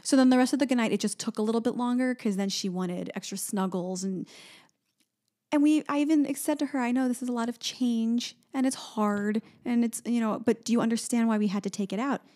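A woman's voice: a little fast, a little mellow. A woman co-hosting a casual podcast, telling a story about her toddler and acting out the child's lines. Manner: acts out a toddler's lines in a high, small voice. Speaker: podcast co-host. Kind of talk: casual chat, animated storytelling.

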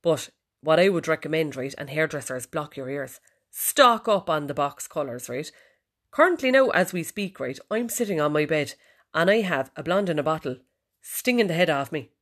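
A woman's voice: deep voice, animated, normal speed, a bit bright. A woman with an Irish accent hosting a podcast, chatting in a cheeky, sweary way from her bedroom. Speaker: podcast host. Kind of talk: casual chat. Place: bedroom, sitting on the bed.

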